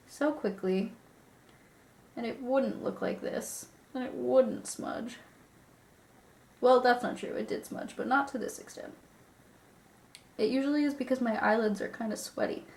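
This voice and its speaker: A woman's voice: a little high, roomy sound, slight background noise. A young woman chatting casually while doing her makeup, sniffly from a recent illness, self-deprecating, swearing and muttering to herself. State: sniffly, getting over an illness. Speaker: beauty vlogger.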